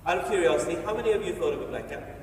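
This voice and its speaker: A man giving an energetic, playful motivational talk on stage in a large hall, telling the audience what to do. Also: high voice, rapid-fire, a little hiss or hum. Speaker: motivational speaker. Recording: echoey hall from far off, faint ambience.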